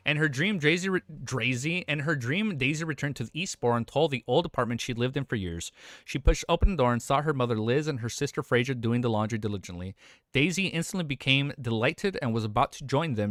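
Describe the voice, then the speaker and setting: A man's voice: mid-range voice, fairly bright tone, no room sound, clean studio sound. A young man streaming live, reading a novel aloud and reacting in a casual, emotional, swearing way. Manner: casual and swearing, often emotional, exclaims "dude".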